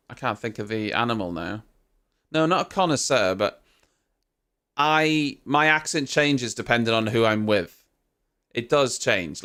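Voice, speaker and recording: A man hosts a live stream with casual, running reaction commentary. His voice is smooth and clear at a middle pitch, and he teases his viewers in chatty banter with some casual swearing. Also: pushed and bright.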